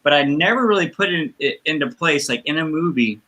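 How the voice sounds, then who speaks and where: A man's voice: on the high side, lively intonation, brisk, sharp tone, poor audio. A man hosting a casual interview who asks rambling questions and searches for his words as he goes. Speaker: interviewer host. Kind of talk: casual conversation.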